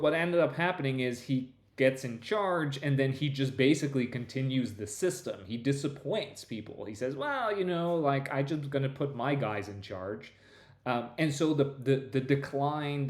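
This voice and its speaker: A male history professor talks through a long explanation. He speaks at a middle pitch, restarts his sentences often and tags points with quick asides. His voice carries a noticeable room echo. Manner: discursive, many restarts and "right?" tags. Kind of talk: conversational lecture-style explanation.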